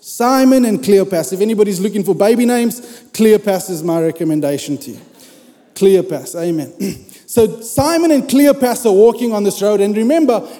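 A man's voice: high-pitched, dark tone, in a large hall. A man preaching a sermon in a conversational, humorous way, speaking directly to his congregation.

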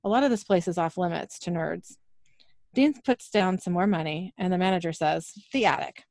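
A woman co-hosting a podcast, briskly recapping a show's scenes and reading the dialogue aloud, laughing often. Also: lowish voice, a little mellow, no echo, studio quality. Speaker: podcast co-host recapping episodes. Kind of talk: casual recap with read-out dialogue.

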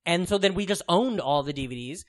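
Speaking fairly quickly in an animated, high voice, a thirty-something man co-hosts a podcast. The conversation is loose and rambling, peppered with curses, fillers, and plenty of laughs.

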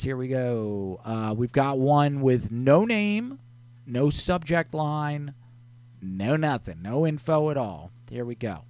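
A man's voice: medium pitch, darkish tone. A man hosting a casual live stream, reading viewer messages aloud in a laid-back way. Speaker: host.

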